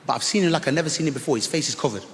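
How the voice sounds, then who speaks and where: A man doing stand-up comedy, telling a story on a theatre stage and swinging between loud outbursts and hushed asides. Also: fairly high pitch, very fast. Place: large theatre stage with audience. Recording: long theatre reverb, faint crowd noise.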